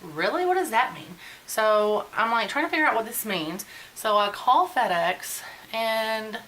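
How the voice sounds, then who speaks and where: Bright-voiced woman in her forties venting. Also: on the high side, animated, unhurried, a little hiss or hum, low-quality recording. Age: 40s. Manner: chatty, venting, conversational. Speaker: beauty vlogger. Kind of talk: casual get-ready-with-me chat.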